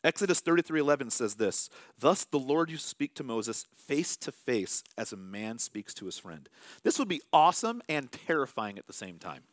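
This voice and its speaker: A man's voice: medium pitch, big pitch swings, moderate pace, no room sound. A man in his thirties preaching a sermon as pastor, in a conversational, self-amused way with small acted asides.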